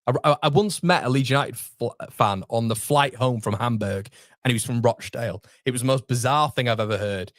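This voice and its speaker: A man's voice: medium pitch, fairly quick, no room sound, studio quality. A young man, hosting a casual livestream and chatting through viewer comments with self-deprecating asides. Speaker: host. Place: home streaming studio.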